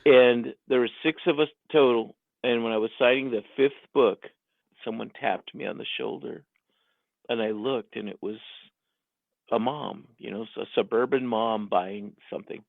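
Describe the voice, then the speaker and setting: A gravelly-voiced man tells a story in a relaxed interview, laughing often and acting out the people he quotes. His voice comes through a thin, tinny phone line, dry and close. He keeps the telling lively and animated. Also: medium pitch, normal speed, no echo.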